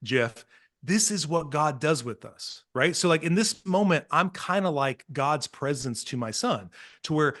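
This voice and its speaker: Man, slightly higher voice, earnest, animated, podcast guest storytelling. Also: measured pace. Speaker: guest, parenting speaker. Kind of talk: casual podcast conversation.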